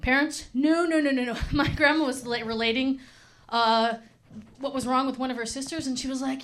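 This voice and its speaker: A woman's voice: sits high, fairly even intonation, moderate pace, a bit bright. A middle-aged woman doing stand-up comedy, telling stories in a frank, profane, rambling way.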